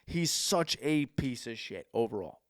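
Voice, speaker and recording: A man's voice: mid-range voice, lively intonation, a little slow, no echo, studio quality. An American man hosting a podcast, telling a long travel story in casual chat, swearing often and rambling. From United States. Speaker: podcast host.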